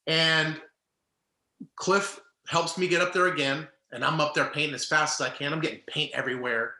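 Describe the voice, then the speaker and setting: A man's voice: on the high side, normal speed, echoey room. A middle-aged man, a former ballplayer, telling a story in casual chat and acting out the people in it. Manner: animated, acts out quoted people. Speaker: former baseball player, guest.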